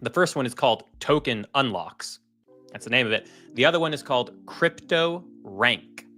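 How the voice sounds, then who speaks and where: A man's voice: medium pitch, lively intonation, moderate pace, pushed and bright, faint music behind. A man from Maine with a light Maine accent, co-hosting a casual crypto chat and joking around. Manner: joking, slips into folksy drawl. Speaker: co-host.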